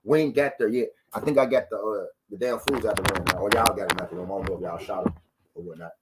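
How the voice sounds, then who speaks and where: A man's voice: on the low side, fairly even intonation, fast, noisy background. A man hosting a boxing talk stream, ranting casually to his viewers with profanity, rhetorical questions and lines repeated for emphasis.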